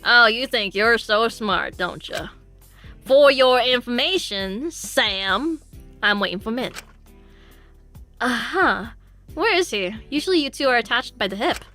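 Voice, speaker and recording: A woman voices a touchy teenage boy from a visual novel, snippy and defensive, in a bright voice. Soft game music runs under it. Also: a little high, expressive, a little slow, full character voice. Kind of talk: voicing a visual novel character.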